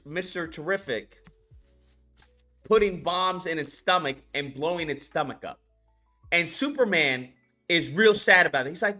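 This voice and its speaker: A man with a high, bright voice gives a casual, rambling movie review rant, swearing freely and restarting his sentences. Faint music plays underneath. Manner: rambling, profane, frequent restarts. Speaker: animation YouTuber.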